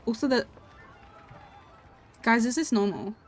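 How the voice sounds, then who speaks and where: A woman's voice: on the high side, lively intonation, faint music behind. A young woman streaming a game, chatting playfully with her viewers. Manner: playful, chatty, talks to viewers with quick laughs. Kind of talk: casual live-stream chat while playing.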